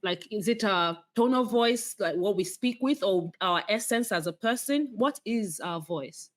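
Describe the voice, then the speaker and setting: A woman's voice: medium pitch, lively intonation, unhurried. A woman hosting a podcast interview, speaking thoughtfully and asking inquisitive questions. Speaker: podcast host.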